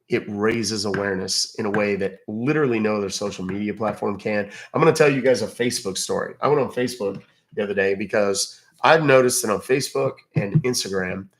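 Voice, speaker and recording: A man hosting a casual livestream, rambling conversationally and thanking viewers by name. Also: on the low side. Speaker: livestream host.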